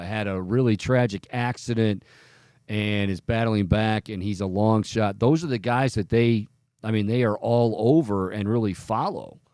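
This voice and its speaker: A man's voice: on the low side, darkish tone, no echo, studio quality. A man hosting a sports radio talk show, rambling and opinionated, often cutting himself off mid-sentence. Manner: rambling, self-interrupting, opinionated. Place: radio studio.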